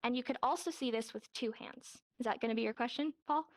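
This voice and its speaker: A woman's voice: fairly high pitch, fast, dry recording. A young adult woman teaching a casual sign language class in virtual reality. She talks in a chatty way, acts out quoted lines and laughs often, speaking into a headset mic.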